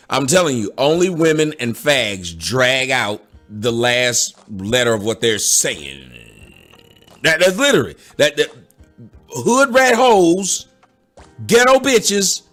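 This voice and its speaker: A woman's voice: very deep voice, very animated, takes it slowly, a bit bright, soft background music. A woman giving sarcastic, indignant reaction commentary. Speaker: commentator answering a critic.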